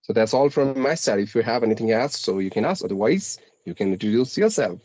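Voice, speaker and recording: A man's voice: on the low side, lively intonation, fairly quick, darkish tone, no echo. A man with an Indian English accent, an English teacher interviewing a guest in a formal, polite way, with frequent filler sounds. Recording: dull lo-fi call audio, dry.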